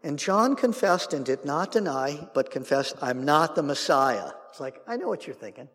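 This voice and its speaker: A man's voice: a little high, sing-song, moderate pace, a bit bright. A male preacher teaching verse by verse through a Bible passage, acting out the dialogue and adding humorous asides. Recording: long reverb in a hall.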